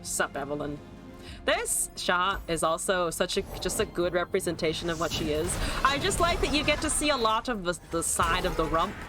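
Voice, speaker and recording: A young woman streams a card game with animated live commentary, reading chat aloud and answering it between swearing and laughing. Her pitch is fairly low and her speed normal, against faint background music.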